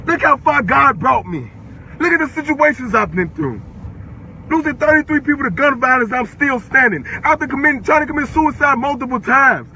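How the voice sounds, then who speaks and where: A man's voice: very high-pitched, expressive, a little fast, vocal fry, pushed and bright, a little hiss or hum, low-quality recording. An eighteen-year-old man from the Chicago area, ranting on a livestream, furious and profane, repeating himself. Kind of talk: angry livestream rant.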